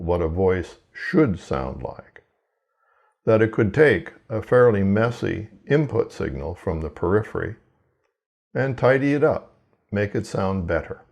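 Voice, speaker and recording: A man who researches hearing, giving a measured, explanatory scripted lecture. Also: low-pitched, creaky, a little mellow.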